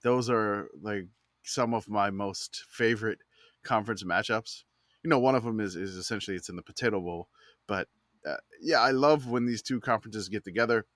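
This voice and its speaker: A man's voice: fairly low pitch, normal speed, a bit bright, no echo, studio quality. A man co-hosting a casual sports podcast, joking around and often repeating words as he starts his sentences. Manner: hesitant, repeating words, jokey. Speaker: podcast co-host. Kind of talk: casual chat.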